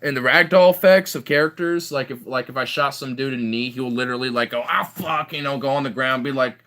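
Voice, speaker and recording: Rambling young man, bright voice. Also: mid-range voice, fairly even intonation, quick pace. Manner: rambling, filler-heavy storytelling. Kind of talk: casual chat.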